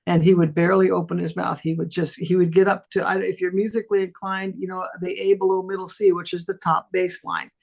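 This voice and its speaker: A middle-aged woman, a voice teacher, telling a casual story on a talk stream and acting out the voices of the people in it with big jumps in pitch. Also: little pitch movement, brisk, creaky, few pauses, a little mellow.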